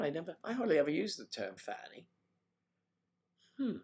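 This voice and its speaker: A man's voice: moderate pace, pauses often. An American man hosting a casual livestream from home, reading viewer comments with playful, teasing banter. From United States. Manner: playful, teasing, animated jumps in pitch. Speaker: livestream host.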